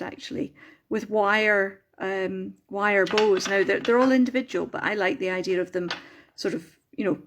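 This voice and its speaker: Chatty woman rambling on a livestream. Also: fairly high pitch. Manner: chatty, self-interrupting, apologetic. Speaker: craft maker hosting a livestream. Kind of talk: rambling casual live chat.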